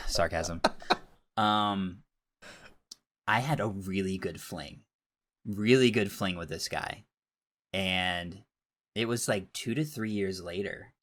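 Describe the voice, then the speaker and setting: A man in his thirties co-hosts a podcast in candid, casual talk. He pokes fun at himself as he goes. His voice sits very low. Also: slow pace, long pauses, a bit bright. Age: 30s. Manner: candid, self-deprecating. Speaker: podcast co-host. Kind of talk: casual chat.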